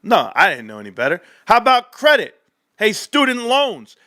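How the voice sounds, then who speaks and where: Man, middle-aged, high voice, bright tone, livestream host, animated, jokey. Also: normal speed. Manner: animated, joking, talks to chat directly. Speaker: stock market livestream host. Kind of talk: casual livestream rant.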